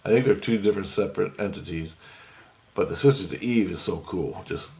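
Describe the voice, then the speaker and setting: Guy with a low gravelly voice rambling thru a story on his vlog, keeps doing the back and forth, gets all excited. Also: fairly quick, a little hiss or hum. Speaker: vlogger. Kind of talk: casual storytelling monologue.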